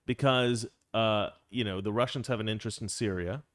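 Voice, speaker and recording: A middle-aged man hosts a casual political commentary show, his fairly low voice brisk and fairly bright. He's wry and rambling, often interrupting himself to restart sentences. The studio-quality recording has no room sound.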